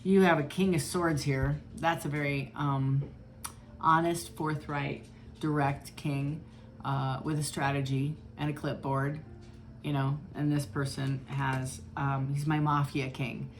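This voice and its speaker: A woman's voice: low-pitched, level tone, measured pace, a little hiss or hum. A woman giving a chatty, blunt tarot reading in a casual style, swearing freely. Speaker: tarot reader.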